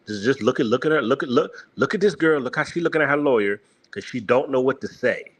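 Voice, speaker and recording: A man's voice: mid-range voice, expressive, fast, slightly rough. A male host talks through a clip in reaction commentary. His delivery is emphatic and mocking, punctuated by frequent laughter, in a mid-range voice.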